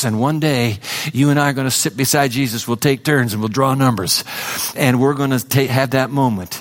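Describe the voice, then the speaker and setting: A man preaching a sermon to a congregation, emphatic, swinging between loud declarations and hushed, intimate passages. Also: fairly high pitch. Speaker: pastor.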